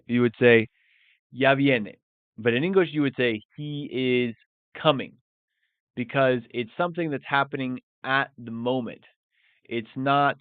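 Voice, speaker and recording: A man teaching a live language lesson at an unhurried pace, stressing each example phrase as he repeats it. His voice comes through smooth and clear, but thin and narrow, like a phone line in a dry room. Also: mid-range voice, no room sound. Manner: explains slowly, repeats example phrases with emphasis. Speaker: English teacher.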